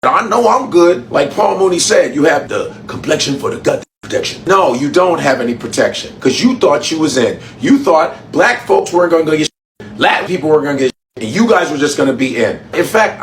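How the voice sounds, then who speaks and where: Man, mocking and heated profane rant, lively swoops, roomy echo. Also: on the high side, a little hiss or hum. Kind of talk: profane political commentary rant. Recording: echoey room.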